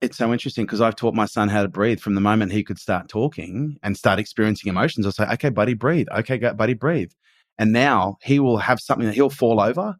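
Emphatic man, low dry voice. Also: fast talker, hardly any pauses, dry recording. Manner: earnest and emphatic, swears casually. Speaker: podcast guest. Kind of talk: casual conversation.

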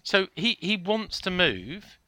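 A man hosting a casual football podcast, telling stories in an animated, defensive way. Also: high voice, slow, dry recording. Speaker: podcast host.

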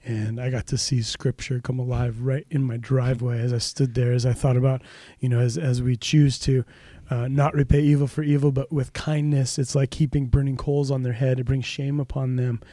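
A man serving as a pastor tells a story in a relaxed podcast conversation, his voice mellow and dark. He raises his voice and livens up whenever he quotes someone. The sound is dry and close to the mic. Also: medium pitch, moderate pace, few pauses, no room sound. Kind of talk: casual storytelling in a podcast chat.

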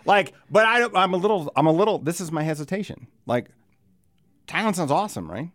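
A podcast co-host with a slightly high, fairly bright and expressive voice talks a little fast. He rambles and curses in casual conversation, frequently breaking into laughter. The studio sound is clean, with no room sound.

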